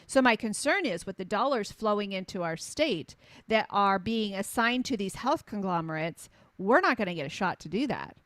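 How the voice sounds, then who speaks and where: This middle-aged health coach speaks at medium pitch and normal speed on a dry recording. Her impassioned, conversational advocacy is emphatic, repeating phrases for punch, and she animates her stories by acting out quotes.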